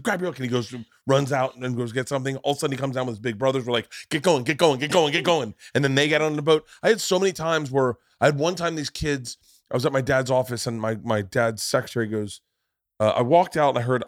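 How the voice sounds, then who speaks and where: A man's voice: medium pitch, no echo, clean studio sound. A man hosting a podcast, telling a rowdy story in casual, profane chat and acting out the voices in it. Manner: profane, animated storyteller who acts out voices. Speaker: podcast host.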